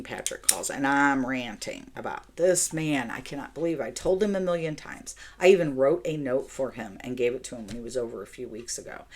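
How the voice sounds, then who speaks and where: A middle-aged woman chatting casually as she tells a story while decorating her planner at home. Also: very deep voice. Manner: chatty, animated storyteller who talks to herself while decorating. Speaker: planner vlogger.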